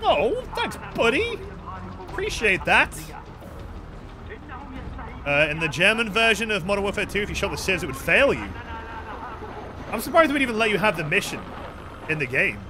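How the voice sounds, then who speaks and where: High, lively young man streaming a game. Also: moderate pace, long pauses, noisy background. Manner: rambling, joking and profane. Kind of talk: casual gameplay commentary.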